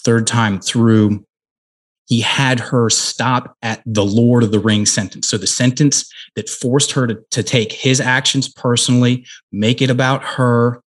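A man's voice: medium pitch, steady tone, measured pace. A middle-aged man, a guest in an interview, telling a personal story earnestly with frequent restarts.

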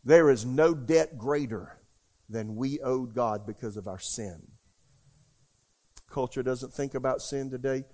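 A man's voice: mid-range voice, darkish tone. An older man, preaching a sermon in a folksy, emphatic way and asking the congregation questions. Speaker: pastor.

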